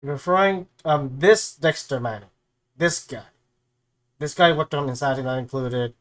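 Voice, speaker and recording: A man's voice: mid-range voice, normal speed. Rambling young streamer guy. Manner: rambling, with many fillers. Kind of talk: casual reaction chat.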